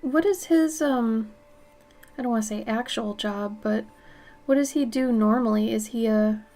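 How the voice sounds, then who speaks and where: An art streamer with a slightly high, warm voice chats at an unhurried pace while painting live. The young woman, a bit stuffed up from allergies, reads viewer messages aloud and replies to them, letting out a curse each time she sneezes.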